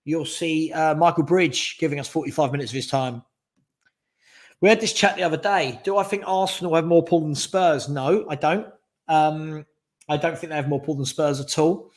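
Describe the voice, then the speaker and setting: A man's voice: a little high, fairly even intonation, moderate pace. A man hosting a live fan stream, chatting casually and giving strong opinions while reading out viewer questions. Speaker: fan channel host.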